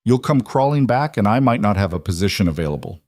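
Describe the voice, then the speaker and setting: A man's voice: on the low side, lively intonation, fast talker, a little mellow, no room sound, studio quality. A man voicing a smug male cafe boss who talks down to people and pressures them. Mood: pushy. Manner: pressuring, condescending.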